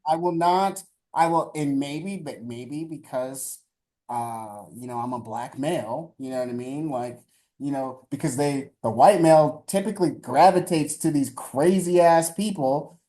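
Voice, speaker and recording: Mellow-voiced man, emphatic and halting. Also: on the high side. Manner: emphatic, halting, with restarts and profanity. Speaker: podcast co-host. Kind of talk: casual political podcast chat.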